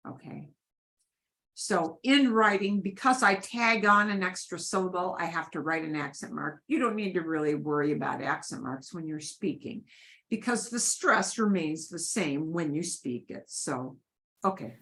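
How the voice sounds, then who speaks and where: A woman teaching a beginners' Spanish class in a chatty, informal way. Her pitch moves around a lot as she stresses points, and she keeps checking in with "okay" as she repeats the rules. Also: animated, moderate pace, a bit bright. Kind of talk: explaining grammar to a beginner class.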